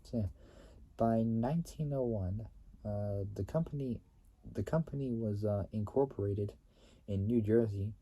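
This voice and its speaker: A man reading company history aloud in a halting way. He stumbles, repeats and restates phrases, and often clears his throat. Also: on the low side, warm tone, a little hiss or hum.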